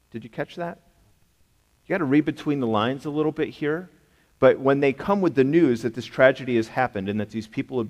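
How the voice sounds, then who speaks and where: A pastor with a mid-range, somewhat dark voice delivers a sermon in a church sanctuary with a reverberant hall sound. His preaching is emphatic yet conversational, full of rhetorical questions.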